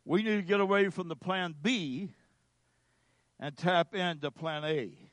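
A man preaching a sermon as a pastor, slow and emphatic with dramatic pauses. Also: high-pitched, a bit bright, no room sound.

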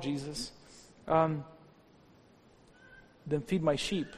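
A man's voice: on the high side, steady tone, a little slow, pauses often, darkish tone. A man preaching a sermon as pastor, fervent and rising into exhortation. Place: church hall. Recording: long hall reverb with faint music.

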